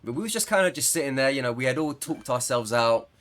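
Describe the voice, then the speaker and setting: A man's voice: medium pitch, animated, fast, fairly bright tone. A man chatting casually over gameplay as a gaming creator, rambling and laughing mid-sentence.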